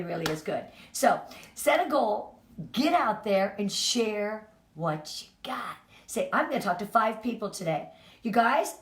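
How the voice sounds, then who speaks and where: A woman leading a sales team, giving an upbeat, chatty motivational training talk. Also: mid-range voice. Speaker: direct sales team leader. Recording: roomy, from a distance.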